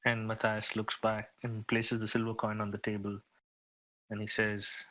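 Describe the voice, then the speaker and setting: A man describing his character's actions as a player in a tabletop game, measured and a little hesitant. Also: on the low side, completely flat delivery, fairly bright tone, rough recording.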